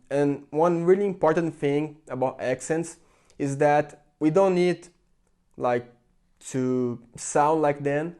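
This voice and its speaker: Brazilian man, smooth clear voice. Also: a little high, a little mellow. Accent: Brazilian Portuguese. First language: Portuguese. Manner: earnest, chatty, many "like" fillers. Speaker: vlogger. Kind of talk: casual opinion talk to camera.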